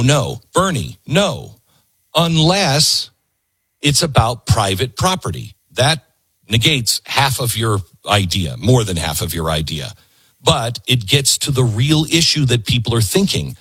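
A man's voice: mid-range voice, lively intonation, unhurried, fairly bright tone, slightly rough, no room sound. A middle-aged man hosting a talk show, giving an emphatic political commentary monologue and repeating his points for force.

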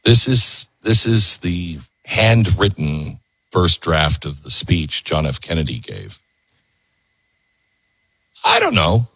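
A man's voice: deep voice, wildly swooping pitch, slow, pauses often, pushed and bright, slightly rough, no room sound. A man hosting a political talk radio show, ranting sarcastically. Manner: sarcastic, ranting, mocking voices.

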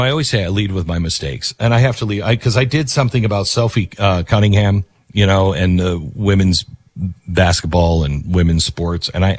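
Husky-voiced mocking talk radio host. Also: male voice, lowish voice, no room sound, studio quality. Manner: mocking, rambling, self-correcting.

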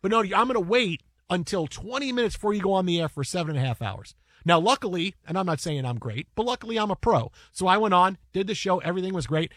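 Guy rattling off a story real fast, high-ish voice, dry close sound. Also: dry recording. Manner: animated, rapid storytelling with restarts. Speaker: podcast host and broadcaster. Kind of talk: casual storytelling chat.

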